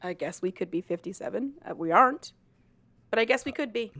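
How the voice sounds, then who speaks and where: A woman's voice: mid-range voice, animated, fairly quick, sharp tone, no echo. Bubbly woman in her late twenties, podcast co-host, casual chatty read, dry sound. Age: late 20s. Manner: bubbly, laughs often. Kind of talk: casual chat.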